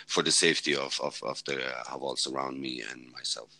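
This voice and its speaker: Here a Swedish man, native to the language and from Sweden, recounts a war story as a podcast guest; he used to be a fighter and medic. His bass voice is steady, brisk, pushed and bright, and he rambles bluntly and casually, swearing a lot and restarting often. The audio has no echo but is poor.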